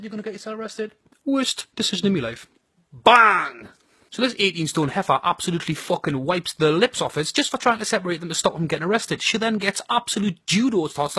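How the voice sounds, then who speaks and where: A man's voice: high voice, fairly bright tone, husky, no echo, studio quality. A man with a Geordie accent giving a crude, blunt and sardonic comic monologue about his home city. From North East England.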